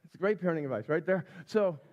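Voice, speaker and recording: A middle-aged man preaching a sermon as a pastor, telling stories in a chatty, animated way and acting out the people in them. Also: fairly high pitch, quick pace, dull audio. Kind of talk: sermon storytelling. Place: church sanctuary.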